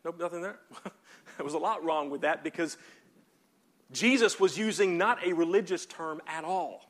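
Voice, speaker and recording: Man pastor delivering a sermon with a high voice, punchy emphasis, gets the congregation to repeat after him. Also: normal speed, a bit bright.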